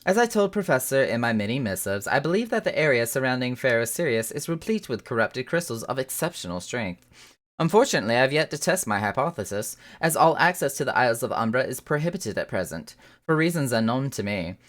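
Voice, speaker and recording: A woman's voice: extremely low pitch, very animated, a little fast, pitched above the performer's own voice. Woman doing a prim, wordy woman scholar. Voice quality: put-on accent. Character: fussy bookish young woman scholar.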